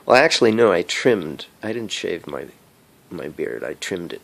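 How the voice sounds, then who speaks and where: Giggly rambling man with a gravelly voice. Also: deep voice, very animated, a little slow. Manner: giggly, rambling, laughs often. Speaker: vlogger. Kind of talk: rambling casual monologue to camera. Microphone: cell phone camera.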